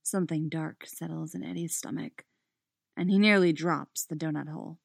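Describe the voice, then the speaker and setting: A woman reading fiction aloud in an expressive way, dropping to a soft voice on the narration tags. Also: deep voice, normal speed, gravelly, husky, dry recording, studio quality. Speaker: storyteller.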